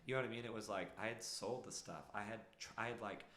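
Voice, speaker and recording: A man's voice: fairly low pitch, fast, fairly bright tone, echoey room, a little hiss or hum. A man, a podcast guest telling his story earnestly, rambling with many fillers. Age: 30s. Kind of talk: casual storytelling.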